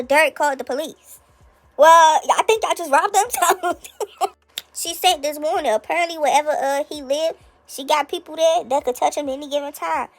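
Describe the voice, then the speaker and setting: A woman hosting a casual gossip commentary, recapping events in a chatty, incredulous way. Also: high voice.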